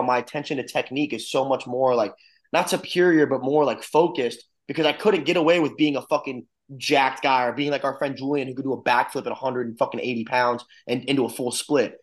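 A man in his twenties from Florida, a wrestling coach talking bluntly and swearing freely in casual podcast chat. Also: mid-range voice. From Florida, USA. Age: 20s.

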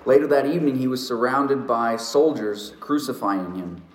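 Earnest preacher in a roomy church. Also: male voice, medium pitch, a little hiss or hum. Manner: earnest storytelling preacher, slows for emphasis. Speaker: pastor. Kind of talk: sermon. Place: church sanctuary.

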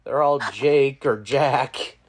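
A woman's voice: very deep voice, slow, breathy edge. A woman co-hosting a casual podcast, dropping dry, laid-back remarks. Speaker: co-host.

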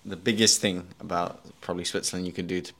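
A man's voice: low-pitched, level tone, fast, creaky, fairly bright tone. A man hosting a podcast, chatting casually with a guest and making dry jokes. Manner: dry joking asides. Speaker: podcast host. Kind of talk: casual interview chat.

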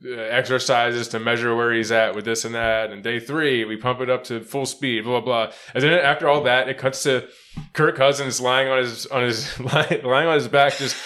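A man with a bright, forward voice riffs through a casual sports chat. He laughs often and swears freely while he tells his stories. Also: medium pitch, moderate pace. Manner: laughing, swearing, animated storytelling. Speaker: podcast co-host.

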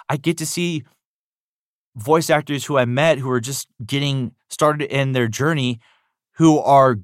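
Man, voice actor, upbeat interview chat, animated delivery, mid-range voice, dry close sound. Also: medium pitch, dry recording. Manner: upbeat, animated, lots of fillers like "you know". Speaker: voice actor guest. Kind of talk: enthusiastic interview answers.

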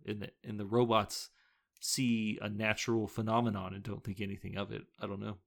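Man, podcast co-host, gravelly voice, casual movie chat, plot recap, argues his point. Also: lowish voice, little pitch movement, fairly quick. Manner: retells the plot, then argues with rising emphasis.

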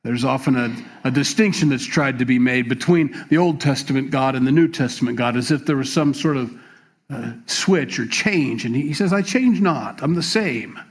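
A man's voice: mid-range voice, moderate pace. Guy pastor giving sunday announcements n sermon, laid back, lots of ums and restarts. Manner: relaxed, many fillers and repeated words.

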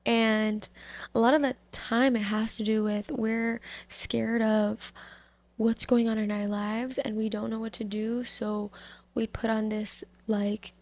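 A woman with a higher-pitched voice and a gravelly edge gives a relaxed devotional talk. She reflects on scripture unhurriedly, pausing often with fillers. The sound is close and dry. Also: no room sound. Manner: slow, reflective, halting with many fillers. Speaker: Bible study speaker.

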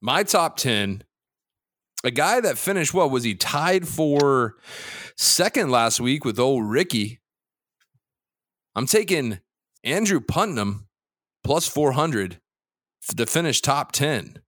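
Brief: cocky male podcast co-host, swears freely, ribs his partner, animated swings in pitch, dry sound. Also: slow, pauses often, dry recording. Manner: loose, profane, teasing, jumps between topics. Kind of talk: casual sports betting chat.

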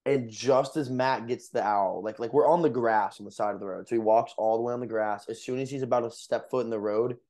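A young man telling a story on a podcast in loose, rambling style. He fills his sentences with filler words and chuckles between lines, and his voice sits at an ordinary middle pitch. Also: steady tone, brisk, hardly any pauses, a little mellow. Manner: rambling, lots of fillers, laughs while telling. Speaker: podcast co-host. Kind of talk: casual storytelling.

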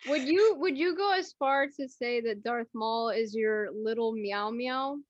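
A woman's voice: a little high, measured pace, no room sound. A woman co-hosting a podcast, cracking goofy jokes. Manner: goofy, mock-newscaster jokes. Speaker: podcast co-host. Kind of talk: casual chat. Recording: dull lo-fi mic.

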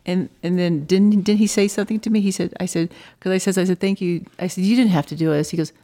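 A woman with a very low voice and a lot of vocal fry talks as an interview guest. She tells her story in a chatty, casual way and often restarts her sentences. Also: steady tone, quick pace, warm tone.

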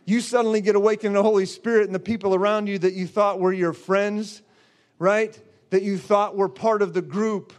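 Fervent high-voiced male preacher. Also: fairly even intonation, a little fast. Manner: fervent, exclamatory, with shouts and laughs. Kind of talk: charismatic sermon.

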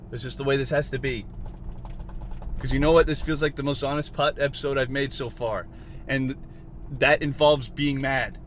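A man hosting a solo podcast from inside a car, rambling and questioning himself, swinging from mutters to shouts. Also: medium pitch, a little hiss or hum. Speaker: podcast host.

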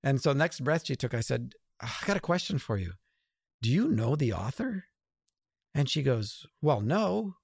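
A man's voice: medium pitch, creaky, a little mellow, breathy edge, no room sound, studio quality. A middle-aged man, an author and guest, telling a story in casual conversation and acting out the dialogue.

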